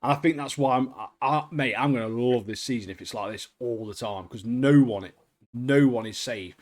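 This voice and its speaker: A man, co-hosting a podcast in excitable, slangy casual chat. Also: medium pitch, moderate pace. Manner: excitable, slangy, keeps saying mate. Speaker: podcast co-host.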